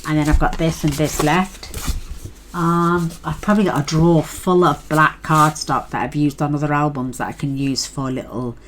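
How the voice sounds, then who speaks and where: Woman, low voice, chatty crafting host, rambling, paper shuffling and clicks behind. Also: fairly even intonation, normal speed, a little hiss or hum. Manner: chatty, rambling, thinks aloud with fillers. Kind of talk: casual craft tutorial chat.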